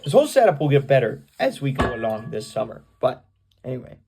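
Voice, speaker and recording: Young man with gravelly vocal fry. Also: medium pitch, very animated, fast, noisy background. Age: young adult. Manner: rambling, self-conscious, many fillers. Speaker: grandchild recording readings for family. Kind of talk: casual home video, reading aloud. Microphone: camera's built-in mic, no external microphone.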